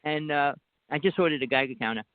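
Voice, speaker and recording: A man's voice: a little high, fast talker, no echo. A man with a New Jersey accent, calling in to a talk show and talking at length in an insistent, rambling way, pushing on over interruptions. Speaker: guest caller. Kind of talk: casual talk show chat. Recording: dry tinny phone line.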